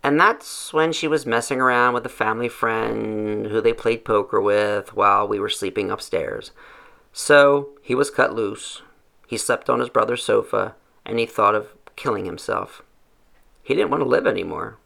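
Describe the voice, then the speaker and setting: A man reading a first-person story aloud in a measured, reflective way. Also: lowish voice, gravelly, sharp tone. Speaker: narrator.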